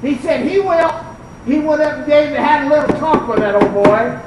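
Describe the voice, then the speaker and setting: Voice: high-pitched, moderate pace, very noisy. Fervent older preacher in an echoey church. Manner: fervent, storytelling, rises to shouts. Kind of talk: revival sermon. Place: church sanctuary. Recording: echoey church, mic far off.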